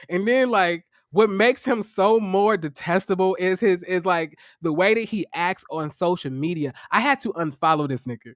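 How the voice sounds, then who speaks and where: A man giving casual reaction commentary on a reality show, profane and animated, with sassy, theatrical exclamations and dramatic asides. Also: sits high, normal speed, few pauses, no room sound, studio quality.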